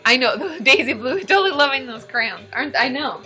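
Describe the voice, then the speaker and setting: A woman hosting a casual live stream, bubbly and excitable, chatting with viewers, often cheering and giggling. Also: high-pitched, brisk, faint music behind. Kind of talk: casual livestream chat reading viewer comments.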